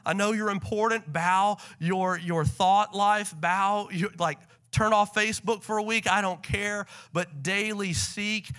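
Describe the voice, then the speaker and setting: A male pastor delivers a sermon in a church, his voice bright and forceful. He is animated, dropping soft and then rising loud and fast. His voice sits a little high for a man. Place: church sanctuary.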